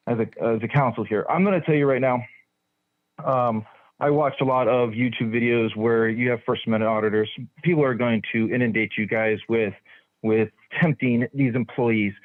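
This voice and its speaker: Frustrated man on a tinny phone line. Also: medium pitch. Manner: frustrated, complaining, hesitant fillers. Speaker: caller giving public comment. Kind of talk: public comment at a county meeting.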